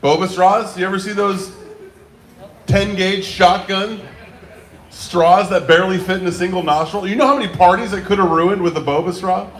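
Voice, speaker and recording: A man with a slightly high voice hosts an open mic in a small bar. He jokes with the crowd between sets. His voice echoes in the live room. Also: steady tone, normal speed. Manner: joking banter, playful crowd work. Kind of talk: emceeing between comedy sets. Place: small bar and coffee venue.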